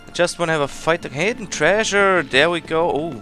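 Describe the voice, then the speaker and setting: A man's voice: fairly high pitch, moderate pace, bright, forceful tone, soft background music. A man giving casual let's play commentary as he plays, chatty and rambling, often laughing at himself. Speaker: gameplay commentator.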